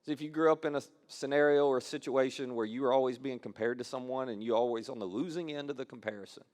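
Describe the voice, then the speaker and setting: A man's voice: medium pitch, quick pace, a little mellow. A male pastor giving a conversational sermon. He repeats phrases for emphasis and acts out quoted lines as he talks.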